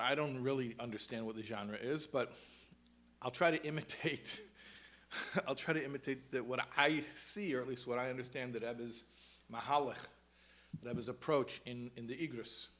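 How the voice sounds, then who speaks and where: Thoughtful man talking haltingly. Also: mid-range voice, fairly bright tone. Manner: thoughtful, halting, many fillers and restarts. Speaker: rabbi and advice columnist. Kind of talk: conversational talk, reading aloud.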